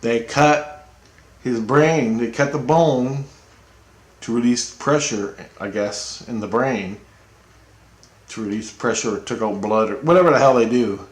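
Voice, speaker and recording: Man, mid-pitch, loose profane storyteller; roomy echo on the recording. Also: a little slow, pauses often. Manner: rambling, profane, excitable retelling with acted quotes. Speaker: storyteller recounting a personal experience. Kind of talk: casual spoken story.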